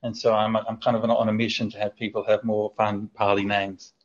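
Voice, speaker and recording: A man teaching as a Buddhist monk over a video call, his voice a little husky and breathy. He talks in a relaxed, chatty way, with fillers and gentle jokes. The audio is dull and lo-fi. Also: on the low side, a little fast. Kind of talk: online teaching Q&A.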